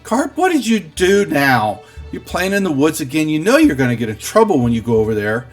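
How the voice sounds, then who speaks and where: A man's voice: fairly high pitch, sing-song, fairly quick, soft background music, pitched above the performer's own voice. A man voicing a flustered halfling mother scolding her son.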